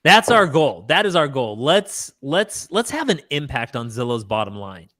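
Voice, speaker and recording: A man's voice: medium pitch, sing-song, normal speed, a bit bright, no echo. Man cohost signing off a real estate show, earnest, calls everyone folks, dry close mic. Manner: earnest, encouraging, addresses listeners as folks and guys. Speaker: real estate podcast co-host. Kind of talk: casual business chat, show wrap-up.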